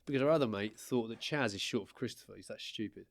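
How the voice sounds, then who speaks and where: A man's voice: fairly low pitch, fast talker, vocal fry, slight background noise. A man in his thirties, a podcast guest chatting casually and telling anecdotes, breaking into laughter and acting out quotes. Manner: storytelling, laughing, acts out quotes. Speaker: guest artist.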